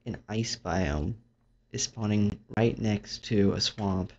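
A young man commentating his own gameplay in a dry, rambling, self-mocking way. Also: slow. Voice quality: low gravelly voice. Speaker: gaming YouTuber. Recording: dull lo-fi mic.

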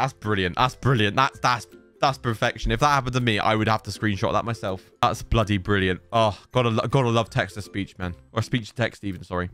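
A young man casually reacting to screenshots, animated and mock-outraged, with frequent exclamations and mild swearing. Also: lowish voice. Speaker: YouTube reaction host.

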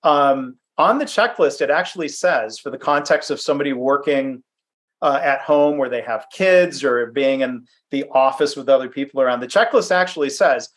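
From his home office, a man presents a webinar mixed with anecdotes, sounding easygoing and self-deprecating. He talks conversationally in a mid-range voice at a moderate pace, with fillers and restarts along the way.

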